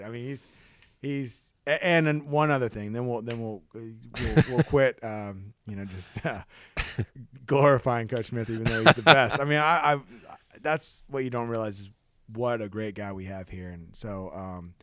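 A man co-hosting a podcast, telling stories in a casual, animated way. He acts out the people he quotes in a high, excited voice and often restarts his sentences. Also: moderate pace, no room sound. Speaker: podcast co-host. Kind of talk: casual storytelling chat.

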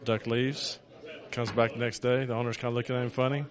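A laid-back man chatting casually and spinning a joke. His voice sits at a middling pitch, and his delivery is relaxed and easy. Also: brisk. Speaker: interviewee. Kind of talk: casual chat, joke telling.

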